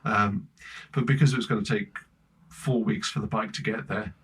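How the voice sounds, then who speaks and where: A man with an English accent, a podcast guest telling travel stories in lively casual chat, laughing often. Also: lowish voice, moderate pace, slightly rough. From Britain. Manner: animated storyteller, laughing often.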